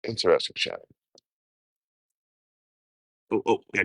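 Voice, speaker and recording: A man's voice: low voice, fairly quick, a bit bright, no room sound. A man chatting casually with his livestream viewers, rambling and swearing as he talks about life on the road. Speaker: livestreaming traveler.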